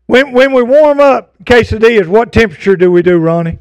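A man's voice: very high-pitched, animated, fairly quick, few pauses, clear, resonant tone, dry recording. An older man preaching a fervent sermon to his congregation, with folksy asides. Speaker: pastor. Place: church sanctuary.

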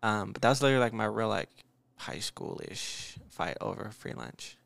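A man's voice: fairly low pitch, lively intonation, normal speed, vocal fry, a bit bright, dry recording. A man chatting casually with friends, laid-back and full of "like"s. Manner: laid-back, filler-heavy, says "like" often. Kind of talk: casual chat among friends.

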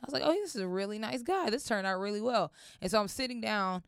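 A woman's voice: medium pitch, quick pace, clear, resonant tone, dry recording, clean studio sound. A young woman, telling a personal story casually, acting out voices and swearing freely. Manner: animated, acts out voices, swears often.

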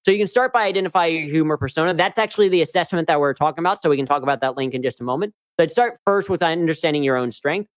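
A man's voice: fairly high pitch, rapid-fire, hardly any pauses, no room sound. A man talking as an interview guest about humor at work, upbeat and chatty, often tagging on "right?". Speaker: guest, humor coach and speaker. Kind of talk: casual interview talk.

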